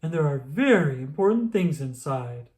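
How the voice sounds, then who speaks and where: A woman voicing a frantic, busy businessman in a storybook read-aloud, calling out loudly and urgently. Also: sits low, sing-song, normal speed. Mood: breathless.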